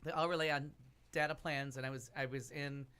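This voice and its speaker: A man's voice: a little high, steady tone, brisk, pushed and bright, clear, resonant tone. A man on a talk show telling a long travel story in a casual, rambling way with lots of asides. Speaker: podcast cast member telling a travel story. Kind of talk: casual chat.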